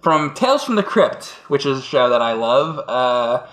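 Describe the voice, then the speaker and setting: A man's voice: medium pitch, very animated, moderate pace, a bit bright. A man co-hosting a casual chat, telling rambling stories with laughs and acted-out voices. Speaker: co-host. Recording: roomy echo.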